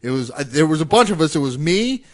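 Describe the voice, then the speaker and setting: A man's voice: on the high side, big pitch swings, quick pace. A man in his forties telling a profane story in casual podcast chat, acting out both sides of an argument. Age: 40s.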